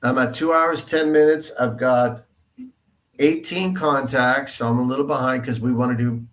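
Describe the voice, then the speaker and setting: A man's voice: medium pitch, steady tone, normal speed, fairly bright tone. A man cold calling as a real estate agent, chatting and teasing on a video call. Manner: playful, teasing, joking. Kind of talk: casual chat over a video call.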